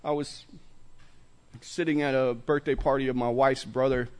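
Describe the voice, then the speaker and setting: A man's voice: mid-range voice, level tone, moderate pace, a little hiss or hum. A man sharing his recovery story at a meeting, telling it with street slang and laughter. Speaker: recovery speaker. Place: meeting room with audience.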